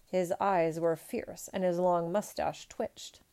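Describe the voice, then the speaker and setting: A woman reading a picture book aloud in a measured, expressive storytelling manner. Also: fairly low pitch, smooth.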